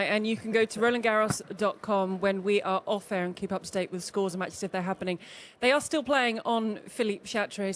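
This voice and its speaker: A woman's voice: mid-range voice, a little hiss or hum. A woman hosting a live studio sports show, presenting in a chatty, upbeat way. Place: television studio.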